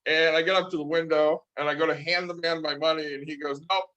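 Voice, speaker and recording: Guy with a slightly high voice telling a story, laid back podcast chat. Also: fast, lo-fi sound. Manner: relaxed anecdotal storyteller. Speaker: podcast co-host. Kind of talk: casual chat.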